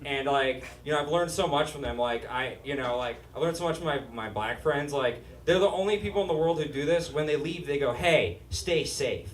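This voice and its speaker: A man's voice: on the high side, a little fast, few pauses, recorded from a distance, a little hiss or hum. A man from Utah doing a stand-up comedy set, with a nasal, whiny voice and sardonic, swearing punchlines. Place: small comedy stage with live studio audience. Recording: roomy stage with audience laughter.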